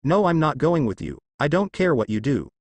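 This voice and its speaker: A defiant young male hunter, as a man reads him, demanding and wry. Pitch moves lively; the sound is dry. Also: normal speed, no room sound.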